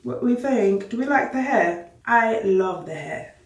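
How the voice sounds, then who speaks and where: A woman's voice: a little high, lively intonation, measured pace, creaky, distant mic, a little hiss or hum. A woman of thirty chatting casually through a makeup tutorial, bubbly and self-hyping as she talks to her viewers. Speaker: beauty vlogger. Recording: roomy echo, a bit off-mic.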